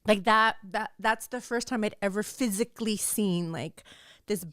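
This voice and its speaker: A woman in her thirties hosts a podcast, telling a personal story with real intensity, saying "like" constantly and cursing freely. Her voice sits at a medium pitch with a fairly bright tone, and she keeps a moderate pace. The recording is clean studio sound with no room echo.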